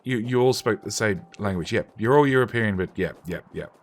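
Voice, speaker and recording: A man with a lowish voice talks fairly quickly while live-streaming a game and chatting with viewers. He's loose and jokey, pokes fun at himself, often restarts sentences, and swears casually.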